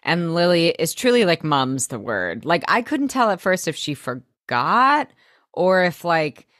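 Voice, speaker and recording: A young woman chatting through a show recap, her voice low-set and easy. She rambles with plenty of likes and a casual curse here and there. The mic is close and dry. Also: very animated, a little slow, a bit bright, dry recording. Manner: chatty, swears casually, drops many likes. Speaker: podcast co-host.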